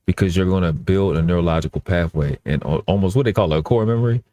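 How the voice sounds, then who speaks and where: A man with a very low, deep voice talks earnestly in a casual live-stream chat. He often restarts and repeats his phrases. The sound is dry and close. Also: fast talker, mellow, no room sound.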